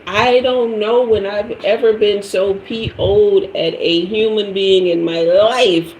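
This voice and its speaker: Lively high-voiced woman spinning a dramatic story on a live stream, echoey room. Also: slight background noise. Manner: animated, dramatic, laughing storyteller. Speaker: tarot reader. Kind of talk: storytelling on a livestream.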